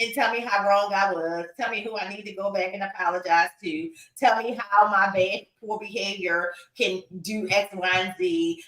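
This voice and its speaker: An outspoken, animated woman talks casually on a home livestream and laughs often. She sits a little back from the mic, so her voice sounds a bit distant. The room around her is echoey. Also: medium pitch. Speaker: podcast co-host and reptile breeder.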